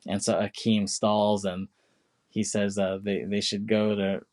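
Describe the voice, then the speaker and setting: Low-voiced man casually retelling a film. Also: level tone, a little slow, darkish tone. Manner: rambling retelling, many fillers and put-on quotes. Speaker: podcast co-host. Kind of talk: casual chat.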